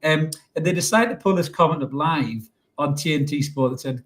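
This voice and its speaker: A man's voice: on the high side, a little fast, fairly bright tone. A middle-aged man co-hosting a casual football podcast, cheeky and joking, swearing freely and laughing often. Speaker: podcast co-host.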